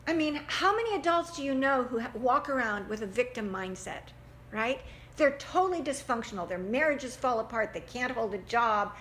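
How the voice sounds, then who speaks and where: Woman, parenting class teacher, expressive and animated, slightly high voice, roomy echo. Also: moderate pace, a little hiss or hum. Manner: animated, acts out quotes in voices, laughs often. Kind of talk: church parenting class talk. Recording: echoey room with faint ambience.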